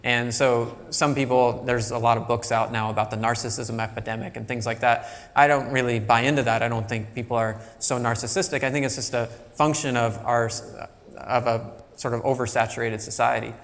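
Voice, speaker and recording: A man's voice: medium pitch, fairly even intonation, brisk, a bit bright. A middle-aged man giving a guest lecture in a conversational, thinking-aloud way. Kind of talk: public lecture. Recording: long hall reverb.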